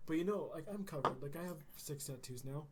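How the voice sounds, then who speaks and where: A man's voice: fairly high pitch, quick pace, fairly bright tone. A young man co-hosting a podcast, chatting casually and joking around with a laugh. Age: young adult. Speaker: podcast co-host.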